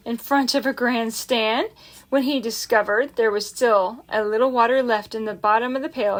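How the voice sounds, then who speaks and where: Woman reading a children's novel aloud. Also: fairly high pitch. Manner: gentle, expressive, lingering on key words. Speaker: audiobook reader. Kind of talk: storybook read-aloud narration.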